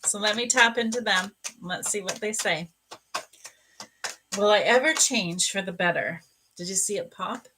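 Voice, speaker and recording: A woman's voice: mid-range voice, moderate pace, long pauses, a little hiss or hum. A woman psychic medium giving a live-stream card reading, gushing and emotional as she talks to a viewer. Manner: gushing, emotional, warm-hearted talk.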